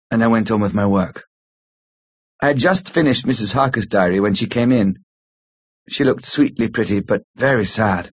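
Male audiobook narrator, husky, measured, lo-fi recording. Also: on the low side. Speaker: audiobook reader. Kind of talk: scripted narration. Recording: slightly muffled lo-fi recording.

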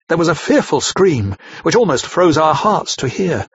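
A man narrating a classic novel aloud in a steady, grave storytelling manner, on a slightly muffled dry recording. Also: fairly high pitch, moderate pace, few pauses, breathy edge, dry recording. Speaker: audiobook narrator.

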